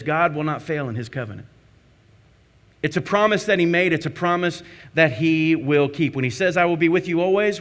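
A man's voice: fairly high pitch, a bit bright. A man preaching a sermon to his church, emphatic, with repeated phrases and rhetorical questions. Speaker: pastor.

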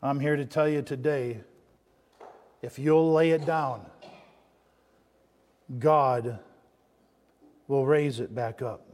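A man's voice: mid-range voice, slow pace, pauses often, a little mellow, big-room sound. A man preaching a sermon as pastor, building emphasis and asking the church call-and-response questions.

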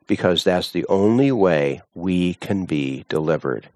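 A male preacher delivers a sermon at an unhurried, measured pace. His voice is recorded dry and close, with no room sound. He moves from calm scripture reading into fervent, high-pitched appeals. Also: no echo. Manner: slow, deliberate preaching that rises to impassioned high pitch.

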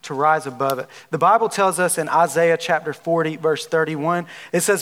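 A man's voice: fairly high pitch, steady tone, fairly quick, few pauses, fairly bright tone. A man from Alabama with a Southern drawl, preaching a sermon in a folksy, conversational way full of casual fillers. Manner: conversational, folksy, with frequent fillers like "like" and "you know". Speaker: pastor.

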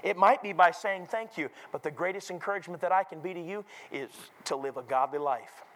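A visiting preacher from North Carolina, a man with a high voice for his sex, delivers a revival sermon in a church sanctuary. He drops to near-whispers and then climbs to shouted peaks. He acts out the people he quotes with plenty of drama. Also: a little fast, rough recording. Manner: swings from low murmurs to shouted peaks.

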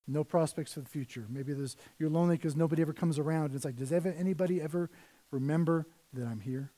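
Male pastor, high voice, casual preaching with loud and soft swings. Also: fast talker. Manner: conversational preaching, rises and drops in volume. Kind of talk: sermon.

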